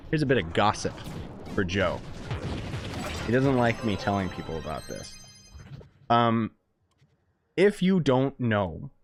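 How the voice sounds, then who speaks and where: A man live-streaming a game, chatting casually and excitedly with viewers as he plays and rambling between topics. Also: medium pitch. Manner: excitable, rambling, chats with viewers while playing.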